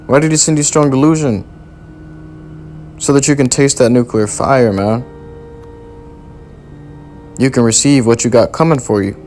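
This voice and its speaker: In his sermon, a medium-pitched male preacher reads aloud from scripture, then drives each point home in slangy language that is forceful and repetitive.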